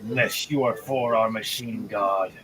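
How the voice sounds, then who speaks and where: A man voicing a zealous male knight in white armor, chanting slowly in a menacing, half-whispered way. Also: fairly low pitch, steady tone, natural voice, rough recording. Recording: music playing loudly behind.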